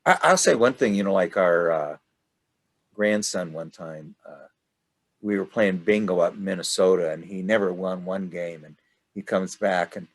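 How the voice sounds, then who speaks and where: An older man leading a study group discussion, rambling and halting with many restarts. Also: sits low.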